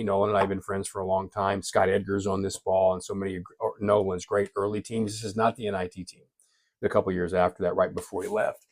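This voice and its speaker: An older man and longtime sports broadcaster spins a casual yarn in a folksy, self-deprecating manner. His voice sits fairly low, and the sound is dry and close. He tells the story from a room lined with sports memorabilia. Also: dry recording. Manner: folksy, self-deprecating anecdotes with frequent restarts. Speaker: veteran sports radio broadcaster.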